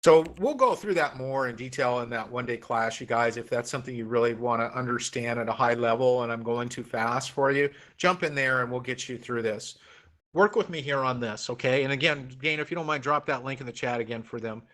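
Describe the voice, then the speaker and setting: A middle-aged man leads an online real estate class, speaking at an ordinary pitch for a man. He coaxes and encourages, repeating himself as he walks students through each figure. He is recorded on a computer mic during a video call. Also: fairly quick, few pauses, a bit bright. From Oregon. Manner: coaxing, encouraging, repeats phrases.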